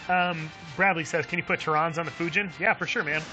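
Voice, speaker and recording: A man's voice: fairly high pitch, poor audio. A man live-streaming a game who reads viewer chat aloud, chuckling often and talking in a friendly, chatty way.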